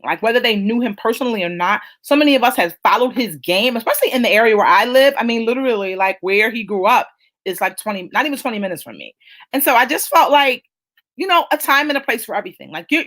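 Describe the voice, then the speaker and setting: A woman's voice: fairly high pitch, a bit bright. A middle-aged woman hosting a casual live chat, talking emphatically and reading out viewer comments. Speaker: host of a live chat show.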